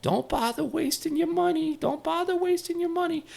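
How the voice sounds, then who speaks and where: A shrill old-timer firefighter. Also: male voice, moderate pace, creaky, exaggerated voice. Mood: sardonic. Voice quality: high-pitched. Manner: blunt deadpan wisecracks. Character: shrill-voiced old-timer male firefighter, blunt and wisecracking.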